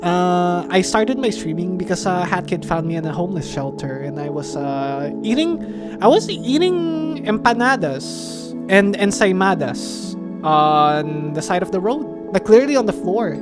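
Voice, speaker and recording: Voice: mid-range voice, big pitch swings, a little slow. A streamer from the Philippines chatting casually on a live stream, rambling and playful, swearing and laughing often. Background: background music.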